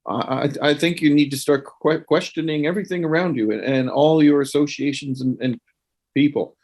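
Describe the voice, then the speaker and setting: A man's voice: a little high, steady tone, brisk, a little mellow. A man voicing Rutherford, a paranoid professor who stammers and restarts his words in a tabletop role-play game. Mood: urgent.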